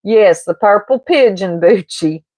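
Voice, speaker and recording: A woman streamer chats casually and unhurriedly with her viewers, gossiping, rambling from one thread to the next and breaking into laughs. Her voice sits at an ordinary mid pitch and sounds dry and close to the mic. It comes across as a relaxed home streaming setup. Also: unhurried, no echo. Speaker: livestreamer. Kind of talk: casual livestream chat.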